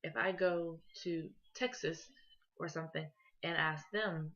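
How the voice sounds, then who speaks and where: A woman's voice: low-pitched, steady tone, measured pace, fairly bright tone. A young woman from Ohio giving a casual class presentation as a student, talking conversationally with lots of fillers. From Columbus, Ohio. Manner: casual, conversational, with many fillers and "you know"s. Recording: dull lo-fi recording.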